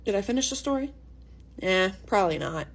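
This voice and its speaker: A young woman in her twenties narrating a storytime tale in a chatty, dramatic way, dropping to a hush and then bursting with excitement. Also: mid-range voice, brisk. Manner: chatty and dramatic, swings between hushed and excited.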